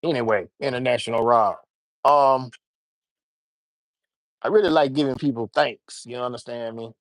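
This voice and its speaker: A man's voice: medium pitch, moderate pace, no echo. A man hosting a casual livestream, rambling loosely and talking straight to his chat. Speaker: livestream host.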